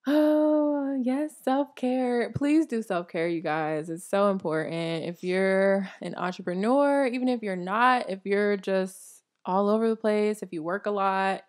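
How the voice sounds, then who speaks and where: A woman's voice: medium pitch, measured pace, few pauses, a little mellow. A young adult woman hosting a podcast in casual chat, bubbly and laughing often. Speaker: podcast host.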